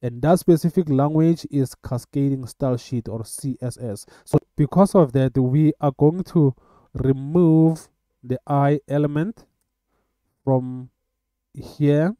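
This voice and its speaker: A man teaching web coding in a screen-recorded tutorial, talking in a halting way with many filler sounds. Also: medium pitch, mellow, no room sound. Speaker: coding instructor.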